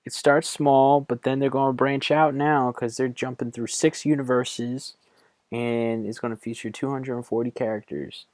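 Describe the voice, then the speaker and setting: A man's voice: mid-range voice, little pitch movement, normal speed, darkish tone, no echo. A man co-hosting a casual podcast chat, teasing his co-host, laughing and reeling off facts.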